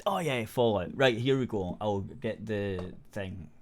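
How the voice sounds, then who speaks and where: Low-voiced Scottish man, rambling chat. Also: a little slow, a little mellow. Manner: rambling storyteller, swears casually, many restarts. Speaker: radio show host. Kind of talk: casual chat.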